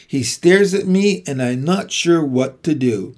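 Slow, steady man reading a novel. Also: a little high. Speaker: reader. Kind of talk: reading a children's novel aloud.

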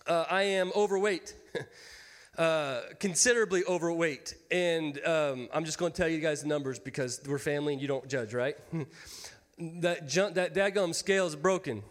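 Joking pastor in his thirties, high voice. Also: normal speed, fairly bright tone. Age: 30s. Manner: folksy, joking with the congregation. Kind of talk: sermon. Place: church sanctuary. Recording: long hall reverb.

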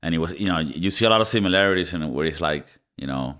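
A man co-hosting a casual movie review podcast, talking in an animated way with swearing and mock voices. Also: low-pitched, very fast. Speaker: podcast co-host.

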